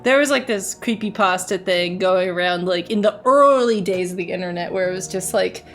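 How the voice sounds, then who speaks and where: A woman's voice: lowish voice, moderate pace, a bit bright, soft background music. A woman streaming a game, joking and giggling in casual chat.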